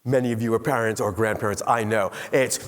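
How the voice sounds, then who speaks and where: A middle-aged man giving a motivational keynote speech to a live audience in a large hall, telling an animated story and quizzing the crowd. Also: lowish voice, fast. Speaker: keynote speaker. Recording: long hall reverb.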